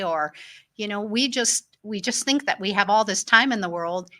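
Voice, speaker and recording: A woman's voice: mid-range voice, moderate pace, pushed and bright. A middle-aged woman hosting a talk show, telling personal family stories in an earnest way and springing into livelier voices when she quotes others. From Illinois. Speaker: host. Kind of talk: personal storytelling monologue.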